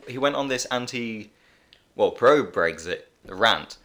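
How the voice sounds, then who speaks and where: A man's voice: mid-range voice, takes it slowly. A man co-hosting a podcast, telling a rambling story in easy, casual chat. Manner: relaxed rambling anecdote. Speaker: podcast co-host.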